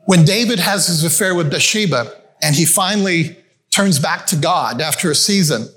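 A man's voice: on the high side, animated, moderate pace, a bit bright. A male pastor preaching a sermon in a conversational storytelling way, calling his listeners friends. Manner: conversational, addresses the audience as friends. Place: church meeting room with a screen.

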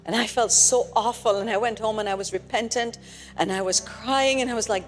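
Woman speaker for a casual sermon; mid-pitched, chatty, restarts often; long hall reverb. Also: moderate pace, soft background music. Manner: chatty, tag questions like "right?", frequent restarts. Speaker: speaker at a church gathering. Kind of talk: conversational sermon with personal stories.

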